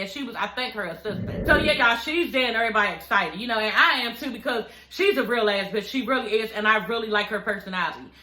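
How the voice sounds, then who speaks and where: A woman recapping a reality show to her viewers, gossipy and animated, swearing freely and calling her audience y'all. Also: a little high, roomy sound, low-quality recording.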